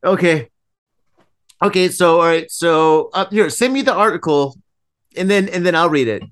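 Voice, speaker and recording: A man's voice: sits high, moderate pace, a bit bright. A man co-hosting a drinking podcast, chatting loosely and laughing a lot. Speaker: podcast co-host. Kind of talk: drunken casual chat.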